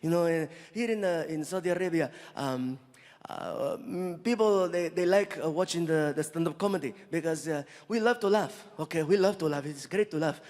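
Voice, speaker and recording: A man's voice: a little high, normal speed, a little mellow, voice pushed down, lightly acted. A comedian voicing an emotional Saudi man with a Middle Eastern accent who pleads earnestly in broken English. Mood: explaining. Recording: long reverb of live venue.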